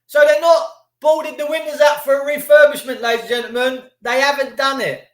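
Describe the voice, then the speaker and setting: Middle-aged man, high-pitched, sweary rambling rant host, echoey room. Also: steady tone, a little fast, a bit bright. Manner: profane, sarcastic, rambling. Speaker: livestream host. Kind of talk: ranting live monologue.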